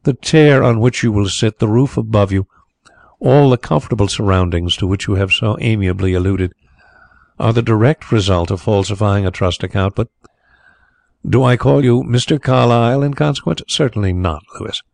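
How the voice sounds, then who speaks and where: Guy reading calm suave blind gent detective, low gravelly voice, dry sound. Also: moderate pace, dry recording. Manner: suave, placid, thoughtful. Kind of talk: audiobook character reading.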